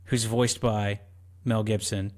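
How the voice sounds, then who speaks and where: A man's voice: on the low side, takes it slowly. A man co-hosting a movie podcast in casual chat, telling stories and acting out quotes. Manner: animated storyteller, acts out quotes. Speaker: podcast co-host.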